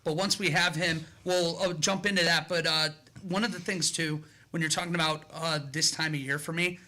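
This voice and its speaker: Bright, excitable sports talk host man. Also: fairly high pitch, normal speed.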